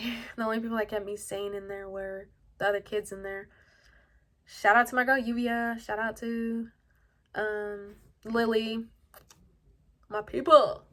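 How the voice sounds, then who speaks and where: A woman telling a personal story in a casual vlog, soft-spoken and rambling, with lots of "like" and a hushed delivery. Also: mid-range voice. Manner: often drops to a hushed, quiet delivery. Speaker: vlogger telling her own story.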